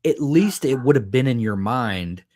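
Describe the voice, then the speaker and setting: A man co-hosting a casual book chat, thinking aloud in a rambling way with many pauses. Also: mid-range voice, animated, a little mellow. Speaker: podcast co-host.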